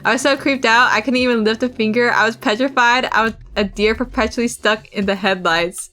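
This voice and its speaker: A woman's voice: a little high, steady tone, a little fast, pushed and bright. A young woman streamer casually reading a visual novel aloud, swearing and laughing at the script and acting out its tense passages. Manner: reads the game text dramatically. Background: faint game music.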